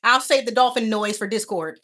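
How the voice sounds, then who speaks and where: A woman's voice: fairly high pitch, normal speed, bright, forceful tone. A woman hosting a casual livestream, chatting affectionately with viewers and laughing often. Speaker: livestream host.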